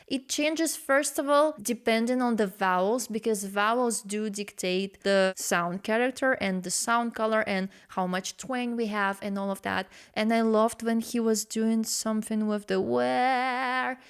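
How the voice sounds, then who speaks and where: A woman's voice: on the high side, steady tone, a little slow, hardly any pauses, clear, resonant tone. A woman hosting a casual reaction video, talking expressively and singing short snippets to illustrate her points. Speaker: host reacting to a song.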